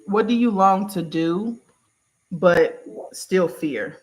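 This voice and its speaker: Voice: medium pitch, takes it slowly. A spiritual reader in a casual one-on-one session, talking informally and affectionately with terms of endearment. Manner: relaxed, chatty, informal.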